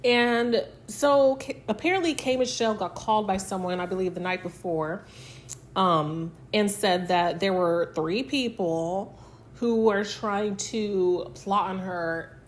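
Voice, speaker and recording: A woman talks through a reality show episode in a loose, chatty recap. Her voice sits in an ordinary middle range, and she slips into quick little impressions of the cast as she retells scenes. A faint noise runs underneath. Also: mid-range voice. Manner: chatty, filler-heavy retelling that acts out quotes. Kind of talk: casual recap chat.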